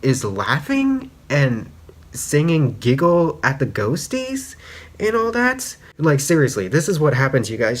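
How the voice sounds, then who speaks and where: A man retelling a story in a casual spoken review, rambling and excitable, full of fillers. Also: fairly high pitch, unhurried. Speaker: fanfic reviewer.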